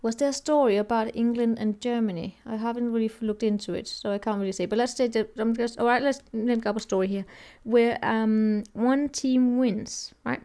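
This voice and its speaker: A woman's voice: on the high side, fairly even intonation, normal speed, hardly any pauses, dark tone. A woman giving a casual tarot reading, thinking aloud and rambling with many restarts. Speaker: tarot reader.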